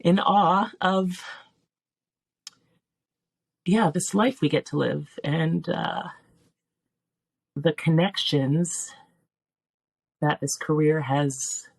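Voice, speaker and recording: Gravelly-voiced woman speaking from the heart. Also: low-pitched, very slow, long pauses, no echo. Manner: heartfelt, searching, with restarts. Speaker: guest teacher and filmmaker. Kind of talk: reflective podcast interview.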